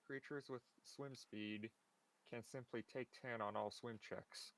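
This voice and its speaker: A man's voice: medium pitch, fairly even intonation, measured pace, fairly bright tone, low-quality recording. A man playing a tabletop game, narrating his character in a rambling, self-interrupting way. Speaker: player. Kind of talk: casual tabletop play.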